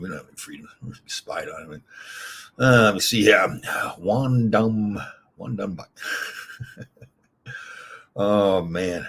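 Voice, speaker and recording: A man's voice: sits low, a bit bright, breathy edge. A middle-aged man hosting a rambling, casual live stream, reading comments aloud and giggling often. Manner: giggly, rambling, laughs often between lines. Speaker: host reading live chat.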